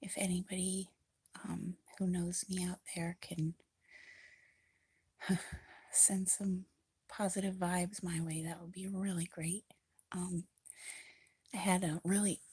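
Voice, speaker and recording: A woman talking in a casual, confessional way, feeling low and emotional, soft-spoken and rambling with many pauses, often dropping into a breathy near-whisper. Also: flat delivery, no room sound. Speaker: vlogger.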